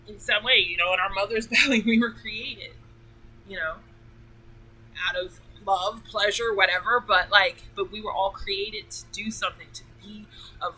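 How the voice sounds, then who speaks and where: A woman's voice: mid-range voice, bright, forceful tone, husky, low-quality recording. A woman hosting a casual talk, enthusiastic and emotional, rambling with many fillers. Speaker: podcast host.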